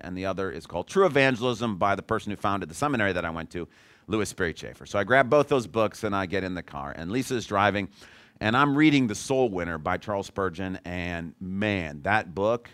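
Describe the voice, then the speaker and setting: A middle-aged pastor's fairly low, fairly bright voice carries a sermon in which he recounts a personal story, poking fun at himself in a conversational tone.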